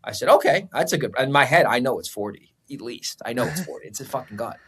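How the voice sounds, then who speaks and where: A man, a real estate investor guesting on a podcast, telling a story in a casual, profane, animated way. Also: mid-range voice, quick pace, breathy edge.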